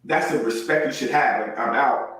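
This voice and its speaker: A man's voice: mid-range voice, normal speed, fairly bright tone. A male podcast host chatting casually, laughing often and acting out little scenes with quoted lines. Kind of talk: casual chat. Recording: echoey room, far from mic.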